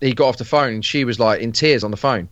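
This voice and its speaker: A man's voice: mid-range voice, quick pace, a bit bright, no echo, dull audio. A man, a podcast guest chatting casually, rambling with plenty of fillers and restarts. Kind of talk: casual chat.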